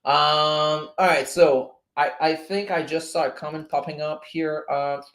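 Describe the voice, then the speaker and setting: A man's voice: a little high, fairly even intonation, measured pace, a bit bright, echoey room. A man from Montreal with a Québécois French accent, hosting a casual livestream and chatting loosely, swearing and going off on tangents. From Montreal, Canada. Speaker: livestream host.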